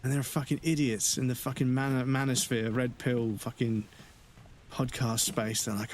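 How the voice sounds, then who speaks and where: A man's voice: medium pitch, a little fast, slight background noise. A man chatting frankly and rambling as he streams a game, swearing heavily. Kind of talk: casual chat while gaming on a livestream.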